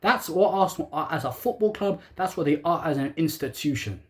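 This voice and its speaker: A man's voice: fairly high pitch, animated, a little fast. A young man ranting sarcastically as a football fan channel host, firing rhetorical questions in heavy slang.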